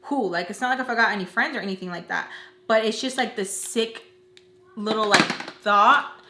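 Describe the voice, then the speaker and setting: A young woman vlogger, doing her makeup at home, tells a dramatic story from her own life in a mid-range voice at normal speed. She's animated and casual, saying "like" constantly and acting out other people's lines in lively voices. The recording is very noisy and echoey.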